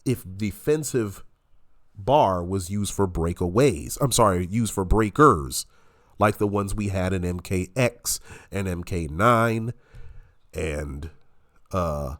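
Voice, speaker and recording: A man giving heated, profane reaction commentary, his voice nasal and congested from illness. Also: lowish voice. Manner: profane, combative ranting.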